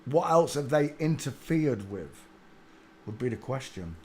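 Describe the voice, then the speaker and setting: A man hosting a live stream, rambling through a monologue and now and then bursting into excited shouts. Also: mid-range voice, a little slow. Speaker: livestream host.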